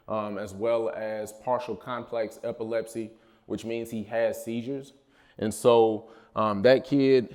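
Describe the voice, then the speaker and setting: A man's voice: medium pitch, a little mellow. A man in his thirties giving a casual, personal talk at a college mental health event, telling family stories and calling out to the audience. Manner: casual, personal storytelling with call-and-response asides. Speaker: speaker at a mental health summit. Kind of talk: motivational talk to students.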